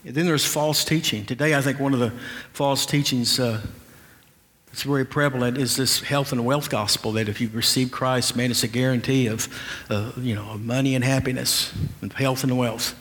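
A man's voice: mid-range voice, fairly even intonation, normal speed, a bit bright, big-room sound. A male pastor preaching an earnest, conversational sermon, often restarting his sentences.

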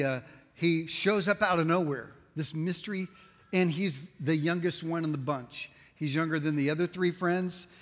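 A male pastor preaching a sermon, telling the story in an emphatic, animated way with quick asides to his listeners. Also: fairly high pitch, in a large hall.

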